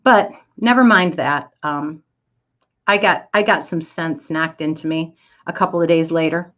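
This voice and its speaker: Middle-aged woman, lowish voice, animated storyteller in a talk; slightly muffled recording. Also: unhurried. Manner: animated, acts out quoted voices. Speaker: speaker giving a talk. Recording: dull lo-fi audio.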